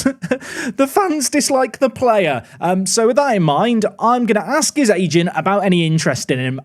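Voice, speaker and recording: A man giving casual, wry running commentary while playing a management game, thinking aloud as he goes. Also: sits high. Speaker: gaming YouTuber.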